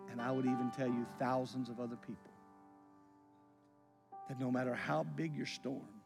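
A man, preaching a sermon as a pastor, his voice swelling with feeling and then falling to a near hush. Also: on the high side. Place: church sanctuary. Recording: long reverb in a large hall.

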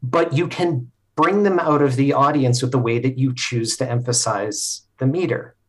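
Speaking at a medium pitch, a man appears as a guest on a podcast, casually and thoughtfully talking through a story. He pauses often, leaning on filler words as he goes.

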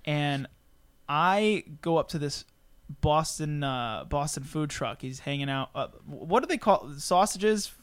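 Young guy rambling on a podcast, kinda high voice, swears a lot, dry close sound. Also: animated, a little slow, clean tone, no echo. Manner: rambling, self-deprecating, lots of swearing and restarts. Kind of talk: casual chat.

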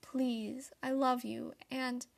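A young woman voicing Charlie, a loving male possum father trapped in a bin, in a gentle, pleading way. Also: high-pitched, little pitch movement, slow pace, gravelly, heavily acted. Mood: tender pleading.

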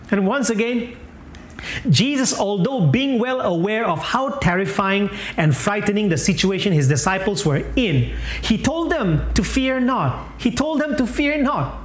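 Lively preacher, repeats stuff for emphasis, echoey room sound. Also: mid-range voice, a little slow, a little hiss or hum. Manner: emphatic, repeats key phrases, chuckles. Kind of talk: sermon.

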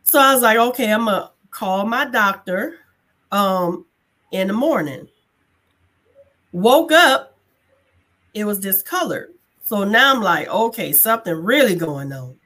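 A woman guest telling a personal story in a casual chat, colloquial and animated, acting out the dialogue and laughing as she goes. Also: mid-range voice, measured pace, long pauses. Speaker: guest sharing a testimony.

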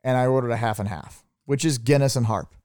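A man's voice: mid-range voice, fast talker, a little mellow, clean tone, no room sound, studio quality. A middle-aged man telling stories as co-host of a casual podcast chat, acting out the people he quotes. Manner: storytelling, acts out quoted voices.

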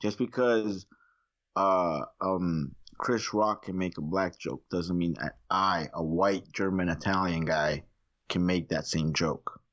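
A man with a low voice, chatting in a loose, rambling way. He clears his throat often as he tells his stories. The recording sounds dull and lo-fi. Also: slow, a bit bright. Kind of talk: casual chat.

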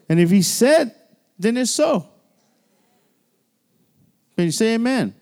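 A man's voice: high-pitched, big pitch swings, moderate pace, pauses often, a little mellow. A man pastor preaching a midweek church sermon in a conversational style, with frequent restarts and call-and-response. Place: church sanctuary.

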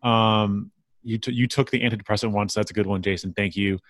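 A man's voice: fairly low pitch, fairly even intonation, brisk, fairly bright tone. A man hosting a casual podcast chat about a movie, laughing often and working through his notes. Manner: laughs often, fillers and restarts. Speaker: podcast host.

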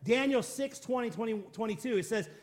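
A man's voice: very high-pitched, lively intonation, fairly quick, a little mellow. A man preaching a sermon, driving his points home with repeated declarations and rhetorical questions, and calling on the congregation to respond. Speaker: pastor.

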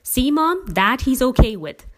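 A woman's voice: high-pitched, big pitch swings, measured pace, pitched above the performer's own voice, full character voice. A woman voicing a wry, pedantic teenage boy who enjoys teasing his father in a family story. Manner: teasing, amused.

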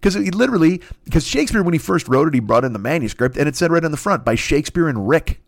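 A man's voice: fairly high pitch, very animated, quick pace, creaky. A man in his fifties telling a rambling, profane comedic monologue, jumping into silly voices for the people in his story. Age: 50s.

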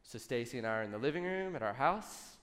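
A worship pastor in his thirties preaching a sermon, telling a personal story with lively asides to the congregation. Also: mid-range voice, fast talker, long reverb tail. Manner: animated storytelling with audience asides.

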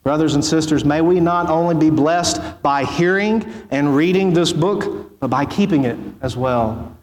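A man preaching as pastor, reading scripture in a solemn, measured way before his sermon. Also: fairly high pitch. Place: church sanctuary. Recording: echoey church hall.

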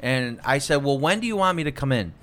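A young man in relaxed podcast chat, his voice sitting mid-range and unremarkable in pitch. He rambles through a story, stumbling over restarts and dropping in "uh" and "you know" as he goes. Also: fast. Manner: rambling, lots of fillers and restarts. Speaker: podcast co-host.

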